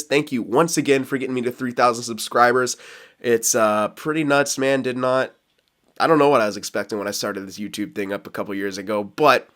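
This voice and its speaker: A man's voice: mid-range voice, fairly bright tone. A man talking his way through a hockey franchise game for his channel. He rambles off on tangents and laughs at himself while he sorts his lineup. His tone stays loose and chatty throughout. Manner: rambling, self-aware, quick to laugh; talks to viewers while managing a hockey franchise. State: hiccups. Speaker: gaming YouTuber. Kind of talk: casual gameplay commentary.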